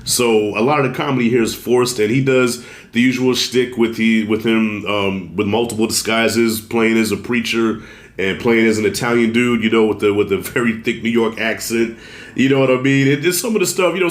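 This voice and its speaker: A man giving a loose, conversational movie review, swearing now and then and talking to viewers as y'all, fighting a cold and clearing his throat. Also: lowish voice, a little fast, echoey room. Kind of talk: casual spoken film review.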